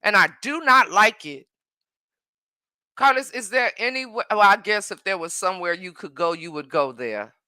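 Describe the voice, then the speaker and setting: Streaming live from home on her phone, this woman answers commenters and repeats herself in emphatic, casual chat. Her medium-pitched voice is bright and forceful, lively in intonation and moderate in pace, captured dry at studio quality.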